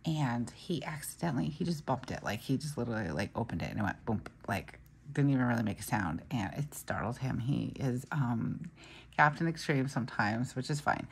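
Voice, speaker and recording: A woman with a very deep voice and a gravelly edge chats casually about her week while she fills in a planner. She rambles through her stories with frequent asides, and a faint hiss sits under the recording. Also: animated, fairly quick. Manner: chatty, storytelling, trails off into asides. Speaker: planner vlogger.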